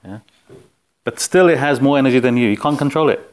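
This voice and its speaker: A man's voice: medium pitch, fast. A man teaching an informal spiritual philosophy class in a conversational way, putting questions to his listeners.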